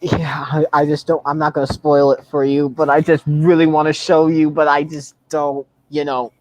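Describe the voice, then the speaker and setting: A man's voice: a little high, little pitch movement, moderate pace, darkish tone, no echo. A man hosting a livestream in casual chat, eager and repeating himself often. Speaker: livestream host.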